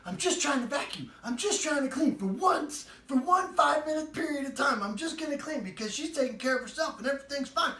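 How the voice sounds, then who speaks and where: A man voicing his exasperated wife as a shrill, frantic young mother. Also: wildly swooping pitch, quick pace, hardly any pauses, roomy sound, far from the mic. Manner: shrill, shouting.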